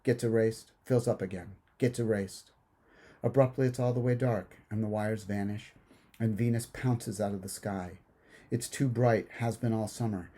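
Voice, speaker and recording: A man, the author, reading his own literary horror story aloud in a measured, hushed, unhurried way. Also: on the low side.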